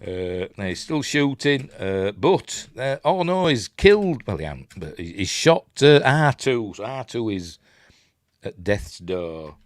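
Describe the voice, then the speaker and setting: An older Yorkshire man chats through a film in a low voice that swings up and down with plenty of life. He rambles along in a casual way and now and then hums the score. The sound is dry, with no room ring. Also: sing-song, measured pace, no room sound. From Yorkshire, England. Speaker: film reviewer. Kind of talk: casual commentary over a film.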